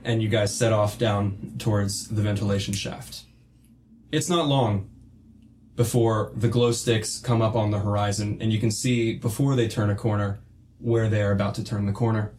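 A man narrating a tabletop role-playing game as game master, describing scenes in a measured way. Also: on the low side, steady tone, darkish tone, slight background noise.

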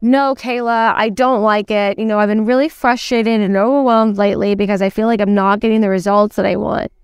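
Brief: hesitant saleswoman, worn down and unsure, smooth dry voice, played by a female coach in a role-play. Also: mid-range voice, fairly even intonation, no room sound, lightly acted. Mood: frustrated. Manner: hesitant, halting, self-doubting. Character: struggling frustrated female salesperson, adult.

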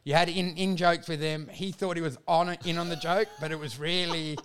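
High-voiced Australian man, profane and animated. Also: a little fast, a little hiss or hum. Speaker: stand-up comedian. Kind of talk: casual podcast chat.

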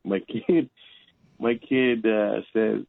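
A man's voice: lowish voice, fairly even intonation, slow pace, gravelly, no room sound, phone-quality sound. A man in his forties, a guest on a chat show, telling long rambling family stories with many fillers and chuckles. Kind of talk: casual storytelling.

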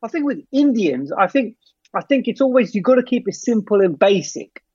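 A man's voice: high-pitched, sing-song, normal speed, darkish tone, slightly rough, no echo, dull audio. A man co-hosting a podcast, earnestly explaining his point in casual banter. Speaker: podcast co-host.

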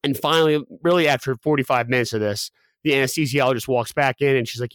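Fast-talking man telling a story. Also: mid-range voice, a bit bright, no room sound. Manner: rapid, with frequent restarts and fillers. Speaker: podcast guest. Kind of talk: personal storytelling.

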